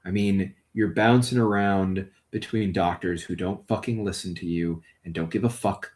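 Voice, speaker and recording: A man's voice: low-pitched, fairly even intonation, moderate pace, a little mellow, pitched below the performer's own voice, close to an everyday voice. A man voicing a caring, blunt partner in a tabletop game, speaking earnestly and swearing often. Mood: tender. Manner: earnest, blunt and profane, tender. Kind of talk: tabletop role-play in character.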